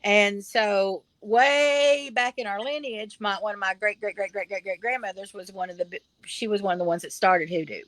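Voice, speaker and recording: A woman's voice: mid-range voice, moderate pace, hardly any pauses, fairly bright tone, no room sound, poor audio. A middle-aged woman from the Appalachian Mountains with an Appalachian accent, a guest on a video call, talking bluntly and emphatically. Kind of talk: casual chat.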